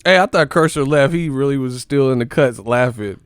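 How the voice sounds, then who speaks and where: A man's voice: mid-range voice, moderate pace, clean tone, dry recording. A man hosting a live stream, casually reacting to chat with profane, mocking commentary.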